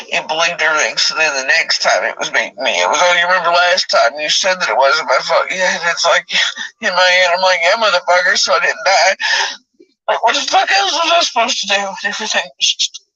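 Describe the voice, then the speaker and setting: A woman's voice: deep voice, pushed and bright, distant mic, low-quality recording. A woman giving raw, tearful personal testimony, swearing often.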